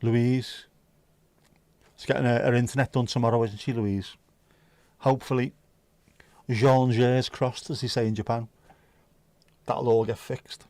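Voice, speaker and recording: A man's voice: mid-range voice, flat delivery, unhurried, pauses often, darkish tone, no room sound. A man hosting a livestream, chatting casually with viewers and teasing them. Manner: joking, teasing, chatty banter. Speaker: livestream host.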